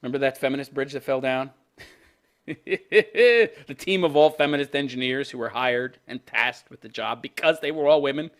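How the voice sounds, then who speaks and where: A man's voice: mid-range voice, moderate pace. A man in his fifties reading a news story aloud and mocking it with crude, sarcastic jokes, laughing at his own lines. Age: 50s. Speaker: commentary channel host.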